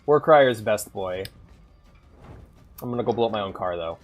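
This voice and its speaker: Brief: animated streamer with a lively, swinging pitch, playing casual and profane. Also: normal speed, soft background music. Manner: excited, swearing, laughing often. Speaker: game streamer. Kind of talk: casual gameplay commentary.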